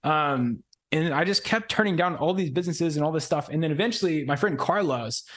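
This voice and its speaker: A man's voice: a little high, lively intonation, brisk, a bit bright. A man in his twenties, a podcast guest telling a story in loose, slangy casual chat full of "like" and "bro". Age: 20s.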